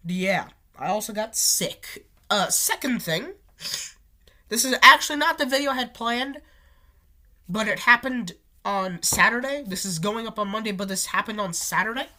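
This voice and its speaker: A woman's voice: medium pitch, lively intonation, moderate pace, sharp tone. A woman with a sick voice telling a personal story to her channel, rambling and correcting herself as she goes. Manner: rambling, restarts and self-corrections. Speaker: storytime video host. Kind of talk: casual storytelling.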